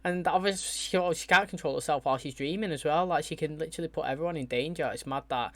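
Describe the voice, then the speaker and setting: Excitable man reacting to TV. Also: a little high, fast talker, dry recording. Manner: excitable, slangy, chatty. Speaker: reaction video host. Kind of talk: casual TV episode reaction.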